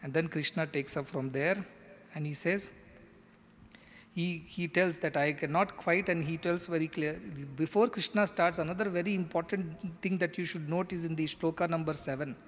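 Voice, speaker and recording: A man's voice: on the high side, steady tone, normal speed, big-room sound. A man giving an earnest, explanatory spiritual discourse. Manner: earnest, explanatory, acts out quoted lines. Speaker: spiritual teacher.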